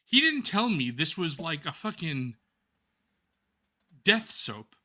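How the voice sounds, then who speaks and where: A man co-hosting a live stream, telling a long story in a casual, animated and profane way. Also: a little high, slow pace. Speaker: co-host.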